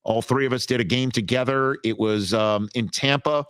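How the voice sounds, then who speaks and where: Male broadcaster, interview guest, mid-range voice, animated storyteller, dry close mic. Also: medium pitch, normal speed, smooth, no echo. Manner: animated storyteller with many restarts. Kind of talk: casual interview talk.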